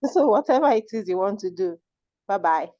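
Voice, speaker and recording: A woman's voice: mid-range voice, animated, normal speed, warm tone, dull audio. A woman on an online call who speaks firmly and then leads a fervent closing prayer. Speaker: community member leading prayer. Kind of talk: emphatic comment and closing prayer. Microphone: video call.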